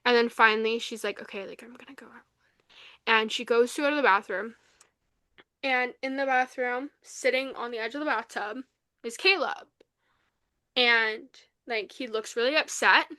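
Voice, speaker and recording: A young woman co-hosting a podcast, recapping a novel in casual chat, animated and full of fillers, acting out the lines she quotes. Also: a little high, moderate pace, no echo. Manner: animated retelling, acts out quotes, many fillers. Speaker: podcast co-host. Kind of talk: casual book review chat.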